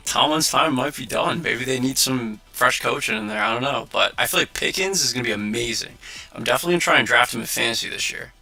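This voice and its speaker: A man in his twenties hosting a casual livestream, telling a story with lively acted-out quotes and many filler words. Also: medium pitch, gravelly. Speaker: livestream host.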